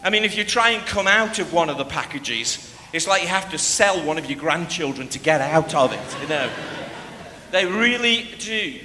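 A man preaching a sermon, telling a story in a lively way and sometimes breaking into shouts as he acts it out. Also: on the high side, moderate pace, slight background noise. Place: church hall. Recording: echoey hall, faint ambience.

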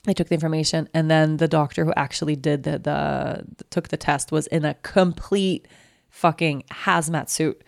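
A woman with a low voice and heavy vocal fry tells an anxious personal story. She rambles and restarts her sentences often. The recording is dry and close. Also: fairly even intonation, moderate pace, no room sound. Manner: anxious and shaken.

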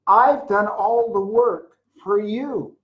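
An older speaker giving a motivational sales talk about a jewelry business, telling rambling stories with sudden loud bursts. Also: mid-range voice, slow pace, lo-fi sound. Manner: mocks whiners in a put-on voice.

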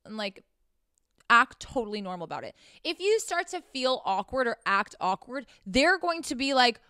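A woman's voice: a little high, big pitch swings, normal speed, bright, forceful tone, smooth, dry recording, clean studio sound. A young woman hosting a frank, casual monologue, blunt and profane as she talks straight to her listeners. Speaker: host.

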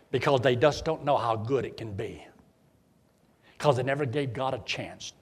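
A man's voice: mid-range voice, husky. A middle-aged man preaching a sermon in a folksy, joking way. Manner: folksy, joking, animated delivery.

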